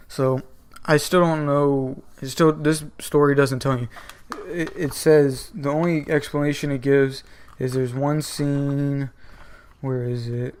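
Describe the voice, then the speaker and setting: Man, mid pitch, casual comics reviewer, rambles with lots of "um" and "like". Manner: rambling, filler-heavy. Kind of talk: casual video commentary.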